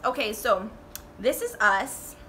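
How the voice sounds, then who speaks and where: A woman in her twenties telling a storytime vlog in a casual, animated way, swearing and saying "like" a lot. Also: on the high side, slow pace, a little hiss or hum. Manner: animated, swearing, full of "like" fillers.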